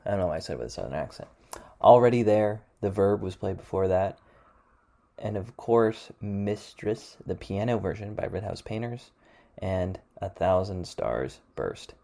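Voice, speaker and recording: A man's voice: sits low, gravelly, dark tone. A man hosting a music show in casual, rambling talk, hedging a lot as he wraps up. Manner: rambling, hedging with lots of "kind of" and "sort of". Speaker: radio show host.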